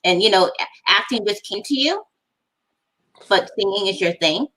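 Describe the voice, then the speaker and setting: A woman's voice: mid-range voice, expressive, moderate pace, pushed and bright, poor audio. A woman hosting an interview, asking loosely phrased, conversational questions with fillers. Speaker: interview host. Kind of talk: casual interview chat.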